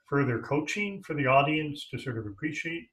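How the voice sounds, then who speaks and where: A man hosts a conversational interview. He asks his questions haltingly, circling and restarting as he works out what he wants to say. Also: a little high, animated, a bit bright. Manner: hesitant, restarts questions, thinks aloud. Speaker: podcast host.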